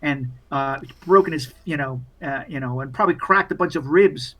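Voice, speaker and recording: A man's voice: a little high, moderate pace, a bit bright. A young man narrating a horror tabletop game as game master, in a loose, profane, filler-heavy way.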